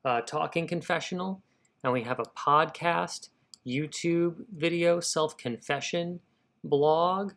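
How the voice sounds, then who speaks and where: A man's voice: a little high, slow, gravelly. A man hosting a live writing session, talking casually and thinking aloud to his viewers. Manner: energetic, thinking aloud, addressing viewers as y'all. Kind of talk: casual livestream talk.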